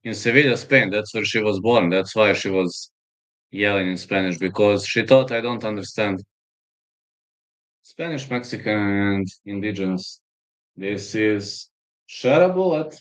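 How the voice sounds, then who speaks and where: A man's voice: on the low side, measured pace, poor audio. A man with a Serbian accent, hosting a live fight stream and chatting in a rambling, storytelling way while reading chat aloud.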